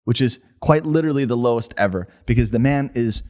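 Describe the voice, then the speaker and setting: A man's voice: medium pitch, fairly quick, darkish tone. A man co-hosting a comedy podcast, casual and playful, who rants and swears when worked up. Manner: playful, ranting, swears, tries accents. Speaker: podcast co-host.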